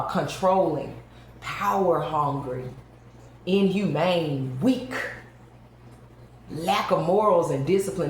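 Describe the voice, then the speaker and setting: A woman with a lowish voice reads tarot cards for her viewers. She is emphatic and talks straight to her audience. Her voice rings around a very echoey room with a faint hiss underneath. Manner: emphatic, addresses viewers directly. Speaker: tarot reader.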